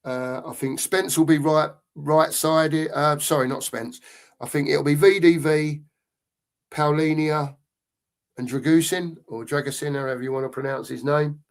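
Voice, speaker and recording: On a football fan channel's live stream, a middle-aged co-host speaks in a fairly high, steady voice at a measured pace. He chats loosely and reads out comments from viewers.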